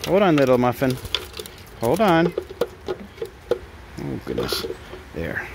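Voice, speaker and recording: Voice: mid-range voice, wildly swooping pitch, takes it slowly, gravelly, heavy background noise. A parrot sanctuary caretaker chatting casually to the birds in an outdoor aviary, with cooing, sing-song baby talk. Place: outdoor aviary under trees.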